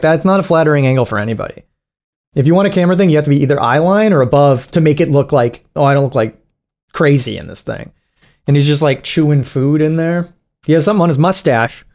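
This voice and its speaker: A man's voice: fairly high pitch, a little mellow. Profane sarcastic man reacting to videos. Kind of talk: casual reaction commentary.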